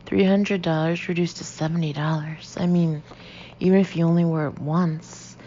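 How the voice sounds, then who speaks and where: A woman reading a first-person audiobook in a lively, expressive way. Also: sits low, moderate pace. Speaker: audiobook narrator. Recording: dull lo-fi audio, faint hiss.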